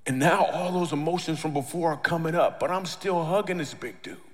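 A middle-aged man on stage doing stand-up storytelling, animated, acting out the lines of the people in his story. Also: fairly high pitch, brisk. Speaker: comedian and speaker. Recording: long reverb of a large hall.

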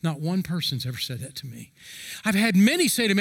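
A middle-aged man preaching a sermon as a pastor, earnest and emphatic, stretching key phrases slowly for stress. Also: sits high, very animated, creaky, breathy edge, long reverb tail.

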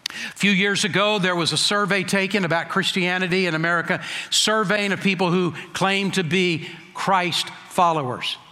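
A man preaching a sermon as pastor, emphatic, slowing down to stress key phrases and asking rhetorical questions. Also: high voice, steady tone, pushed and bright, in a large hall.

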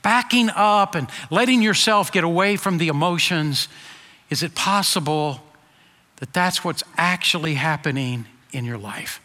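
A man preaching a sermon in an earnest voice that swings from emphatic peaks to quiet low asides. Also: unhurried. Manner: earnest, rising to emphatic then dropping soft. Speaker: pastor. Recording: long hall reverb.

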